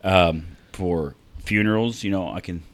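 A man's voice: deep voice, unhurried. A man co-hosting a podcast in casual chat, laughing often and acting out movie lines as he retells them. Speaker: podcast co-host.

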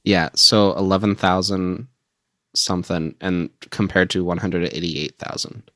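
A man with a very deep voice co-hosting a casual podcast. He is easygoing and jokey and often stumbles over his words. The sound is dry and close. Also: little pitch movement, unhurried, pushed and bright, no echo. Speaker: podcast co-host. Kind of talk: casual chat.

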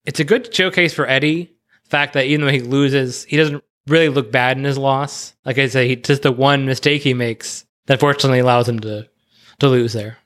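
A man's voice: mid-range voice, fairly even intonation, a bit bright. Chatty man giving wrestling opinions. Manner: chatty opinionated analysis, quickens in bursts. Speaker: podcast co-host. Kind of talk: casual discussion.

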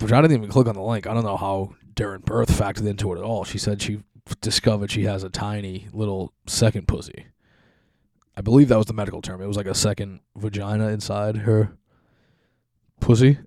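A young man talks through a loose, profane podcast monologue in a fairly low, mellow voice. He rambles from one crude story to the next and keeps chuckling at his own jokes. The sound is dry and close, with no room around it. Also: dry recording. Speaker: podcast host.

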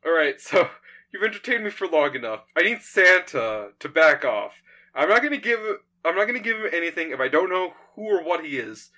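A man's voice: on the high side, sing-song, a little fast, pushed and bright. A man reading out the lines of an eccentric male time-travelling alien hero, blunt and impatient.

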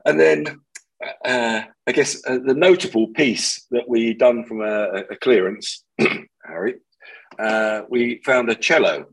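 A man's voice: medium pitch, slow pace, creaky, husky, poor audio. A man, a podcast guest, chatting casually and telling funny anecdotes, laughing often. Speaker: podcast guest, removals business owner. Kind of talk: casual storytelling chat.

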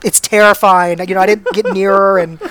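A man's voice: sits high, flat delivery, fast talker, no room sound. A man casually telling a long, self-deprecating anecdote. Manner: laid-back, self-deprecating storytelling. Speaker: storyteller guest.

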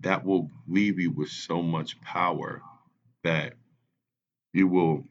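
Slow, deep-voiced young man. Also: highs cut off. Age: 20s. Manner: animated storyteller, laughs often. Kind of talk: casual podcast chat.

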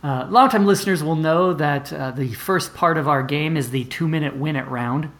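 A man's voice: fairly high pitch, moderate pace, a bit bright. Hesitant man hosting a comedy podcast. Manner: hesitant, many fillers. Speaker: podcast host.

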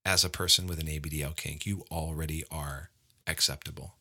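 Male podcast co-host, very deep and bright-toned, encouraging and emphatic. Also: steady tone, brisk, husky. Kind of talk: casual interview chat.

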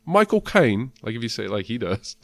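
A man's voice: lowish voice, steady tone, racing, vocal fry, no room sound. A man in casual chat who swears often and laughs a lot.

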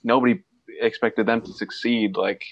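A man's voice: lowish voice, flat delivery, moderate pace, gravelly, no echo, dull audio. A man co-hosting a casual sports podcast, rambling and joking with lots of fillers. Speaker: podcast co-host.

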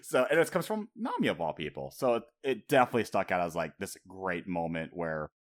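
A man's voice: deep voice, very animated, fairly quick. A man hosting a casual podcast chat, profane and laughing often, acting out quotes as he talks. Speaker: podcast host.

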